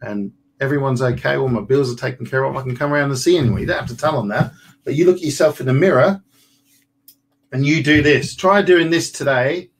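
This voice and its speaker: An animated man in his forties coaches listeners in a relaxed, colloquial way. His voice sits at a middle pitch, neither high nor low, and he keeps slipping into little acted-out conversations. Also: a little fast, rough recording. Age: 40s. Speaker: property business coach. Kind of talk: motivational webinar talk.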